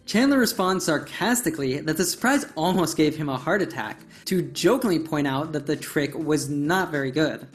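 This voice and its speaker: Woman teaching english, low-ish voice that jumps around a lot, faint music under it. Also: animated, moderate pace, hardly any pauses. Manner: clear, explanatory, stresses key words. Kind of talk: scripted lesson narration.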